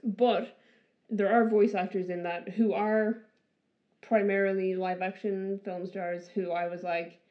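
Woman co-host, mid-pitched, chatty and loose, lo-fi podcast sound. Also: little pitch movement, unhurried. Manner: chatty, laughs often, many fillers. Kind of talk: casual chat.

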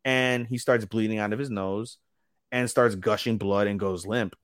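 Low-ish guy rambling through an anime recap, swears a lot, dead dry mic. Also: normal speed, clear, resonant tone, dry recording. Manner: rambling, animated retelling with quoted character lines and swearing. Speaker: podcast co-host. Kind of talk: casual chat recapping anime.

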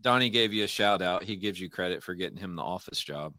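Low-voiced man, rambling host. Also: quick pace, bright, forceful tone. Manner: rambling, loose, full of fillers and restarts. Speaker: podcast host. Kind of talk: casual conversational interview.

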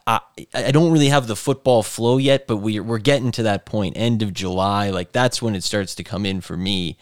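A man's voice: on the low side, normal speed, clean tone, no echo, clean studio sound. A man hosting a podcast, upbeat and steering the chat toward the next segment. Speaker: podcast host. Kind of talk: casual chat.

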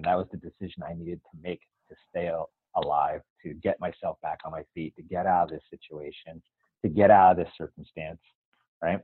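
A man's voice: low-pitched, fairly even intonation, a little fast, slightly rough, phone-quality sound. A man telling the story of his life in an interview, earnestly acting out the dialogue and asking "right?" again and again. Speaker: guest.

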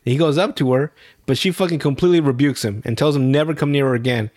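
A man's voice: medium pitch, fast talker, darkish tone. A man casually retelling a TV episode, acting out the characters' lines, laughing often and swearing a lot. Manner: laughing storyteller, acts out lines, heavy swearing. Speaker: podcast host recapping an episode. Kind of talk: casual profane recap chat.

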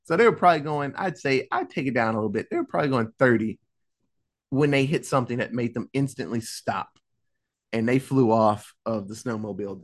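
Casting note: young male podcast host, lively swooping delivery, profane, acts out characters mid-recap. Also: mid-range voice. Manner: animated, profane, acts out characters in quick asides. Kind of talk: casual storytelling recap.

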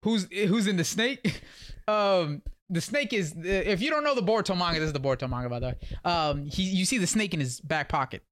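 A man hosting a podcast, recapping a story in lively slang and acting out quotes in a casual chat. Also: high voice, a little fast. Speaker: podcast host.

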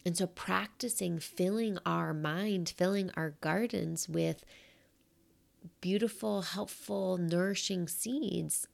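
A middle-aged woman shares thoughts on self-compassion in a low, heavily gravelly voice. She talks at a very unhurried pace, gentle and quiet, sometimes slipping into a whisper. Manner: soft and unhurried, at times dropping to a whisper. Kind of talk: reflective talk on self-compassion.

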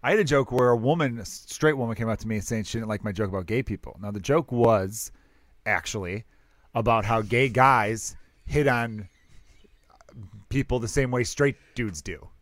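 A man's voice: medium pitch, normal speed, no echo. A married man, a stand-up comedian, rambling through anecdotes in casual podcast chat and acting out quotes.

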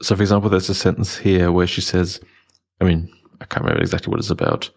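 A man's voice: low voice, wildly swooping pitch, fast, creaky. A man discussing a novel in a casual chat, hesitant and full of restarts. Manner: hesitant, many restarts and fillers. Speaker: book club participant.

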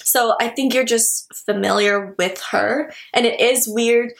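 A woman's voice: fairly high pitch, fairly even intonation, unhurried, gravelly. A young woman co-hosting a podcast in casual, emphatic chat, with many fillers. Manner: chatty and emphatic, heavy use of "like". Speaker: podcast co-host.

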